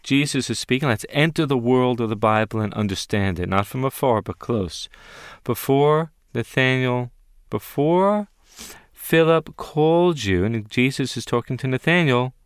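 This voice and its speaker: A man's voice: mid-range voice, animated, moderate pace, clean tone, dry recording, clean studio sound. A man leading an interactive Bible teaching, emphatic and questioning his listeners as he stresses key words.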